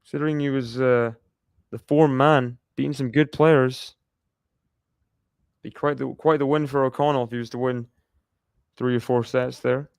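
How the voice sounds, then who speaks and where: A man's voice: mid-range voice, steady tone, normal speed, creaky, pauses often, clean tone, no echo, studio quality. A man giving chatty live play-by-play commentary on a tennis match, laughing often and cheering the players on.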